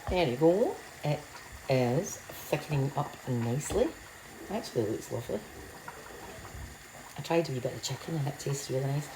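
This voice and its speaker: A woman's voice: rumbling low, animated, normal speed, pauses often, noisy background. A woman chatting casually and rambling while she cooks at home, laughing at herself. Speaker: home cook. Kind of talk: casual cooking vlog. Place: home kitchen. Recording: echoey kitchen with clattering pans.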